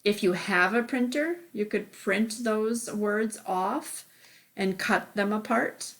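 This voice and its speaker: A woman teacher leads a remote phonics lesson at an unhurried, deliberate pace. She explains each step patiently, checking in with a frequent "okay" as she moves along, her voice sitting at a middle pitch.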